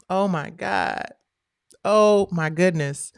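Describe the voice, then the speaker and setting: Middle-aged woman, low smooth voice, chatty slangy livestream host. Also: measured pace. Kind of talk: casual livestream chat.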